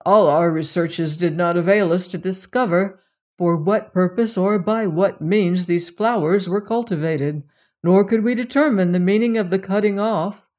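A narrator reading a classic mystery novel aloud in measured, dramatic storytelling. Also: mid-range voice, a little mellow. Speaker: audiobook narrator. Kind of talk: scripted narration.

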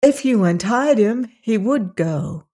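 A reader voicing a polite, inquisitive little girl in an audiobook, pitched a bit above the narration. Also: animated, takes it slowly, warm tone. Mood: curious. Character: polite, curious little girl traveling home. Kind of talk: audiobook character reading.

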